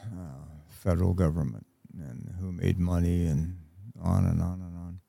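An older American man, a veteran, talking reflectively in an interview with halting pauses. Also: low-pitched, steady tone, vocal fry, warm tone, breathy edge, no echo. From United States. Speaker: interview guest, Vietnam veteran.

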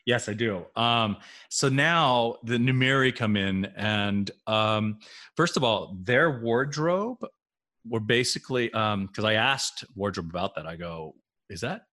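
Easygoing middle-aged co-host. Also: male voice, lowish voice, expressive, sharp tone. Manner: easygoing, quick to laugh and agree. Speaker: podcast co-host. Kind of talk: casual chat.

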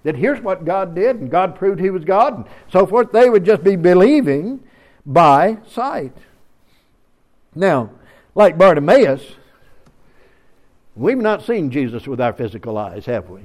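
A man preaching a sermon in a folksy way, building up to loud calls to his congregation. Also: high voice, sing-song, unhurried, long pauses. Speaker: pastor.

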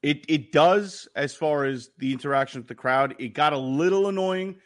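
A man's voice: fairly high pitch, moderate pace. A man co-hosting a sports podcast, telling stories in casual chat, swearing freely and acting out the people he quotes. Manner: profane, animated storytelling. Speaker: podcast co-host.

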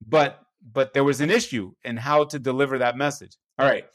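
A man's voice: medium pitch, steady tone, fairly quick. A man, a pastor, telling a personal story in a conversational, self-deprecating way, often checking in with his listener.

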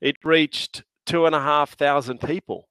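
A man's voice: a little high, unhurried, sharp tone, smooth, dry recording. A middle-aged Australian man, a podcast guest, chatting casually and telling stories with a laugh and plenty of slang. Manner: jovial, laughing storyteller with slang. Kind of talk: casual chat.

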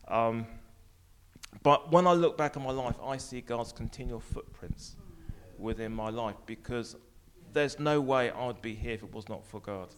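A man giving a short personal testimony in church, speaking quietly and haltingly. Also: medium pitch, a little hiss or hum. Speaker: church member sharing testimony.

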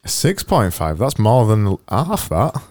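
A man's voice: lowish voice, big pitch swings, takes it slowly, darkish tone, dry recording. A man with a Northern English accent co-hosting a podcast, teasing his friends in dry, casual banter. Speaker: podcast co-host.

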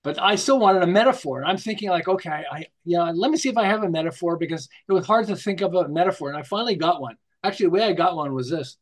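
A man with a fairly high voice tells stories as a guest in an interview. He is animated and acts out little scenes, jumping from joke to example and starting his sentences over as he talks. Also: fast, hardly any pauses. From United States. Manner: rambling with restarts, tells jokes. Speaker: guest, marketing author. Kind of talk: storytelling interview.

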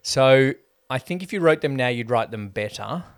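A man co-hosts a relaxed movie review podcast, laying out his reasoning at length in an even, measured way. His voice sits in a middling range and comes across close and dry, with no room around it. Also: mid-range voice, clean tone, dry recording. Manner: explains points at length, measured. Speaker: podcast co-host. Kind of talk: casual film review chat.

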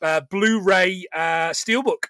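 A man's voice: sits high, slow, fairly bright tone, no echo. A man co-hosting a podcast in a casual, rambling, joking chat. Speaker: podcast co-host.

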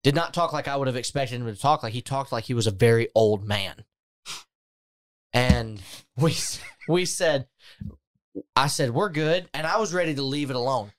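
A man telling a story in casual chat, animated and laughing often. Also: mid-range voice, normal speed.

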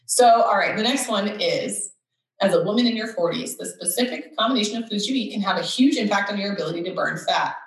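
A woman's voice: mid-range voice, fast talker. A woman host chatting casually and reading quiz questions aloud with sarcastic asides. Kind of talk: casual chat. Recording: echoey room, somewhat far from mic.

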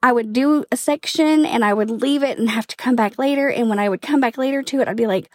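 A woman talking casually in a storytime vlog from her car, chatty, emphatic and excited. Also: on the high side, quick pace, no echo, clean studio sound. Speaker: vlogger, home organizer. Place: inside a parked car.

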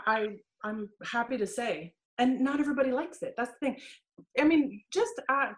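Woman guest, middle-aged, bright voice, lively storyteller. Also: mid-range voice, rough recording. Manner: animated storytelling, acts out quoted dialogue. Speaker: guest, dating and healing coach. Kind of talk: casual interview chat.

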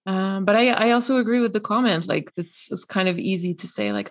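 A woman's voice: mid-range voice, brisk. Chatty woman co-hosting a podcast. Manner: chatty, hedging, frequent restarts and laughs. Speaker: podcast co-host. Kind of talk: casual chat.

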